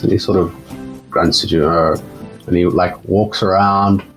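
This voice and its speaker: A man narrating a tabletop game as game master, halting with many fillers. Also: deep voice, steady tone, a bit bright, dull audio, soft background music.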